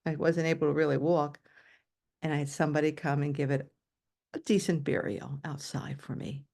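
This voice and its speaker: An older woman telling a personal story with animated exclamations, over a video call. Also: deep voice, moderate pace, creaky.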